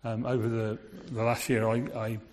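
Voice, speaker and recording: A man's voice: mid-range voice, monotone, normal speed, a little mellow. A man giving a sermon in a conversational way, asking his listeners rhetorical questions. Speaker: preacher. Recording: long reverb of a large hall.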